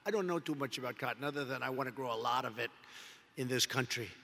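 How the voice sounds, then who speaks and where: This politician talks fast in a medium-pitched, creaky voice that sounds pushed and bright, wandering through his rally speech with constant repetition and one superlative after another. A big hall's long echo surrounds him, and there's a faint hiss or hum.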